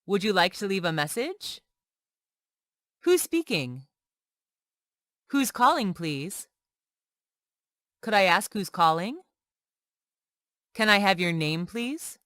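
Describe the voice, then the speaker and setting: A woman reading everyday English example sentences one by one for learners, slow and clear. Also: mid-range voice, no room sound, clean studio sound. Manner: slow, clear, lively intonation on questions. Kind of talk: slow scripted reading of phrases.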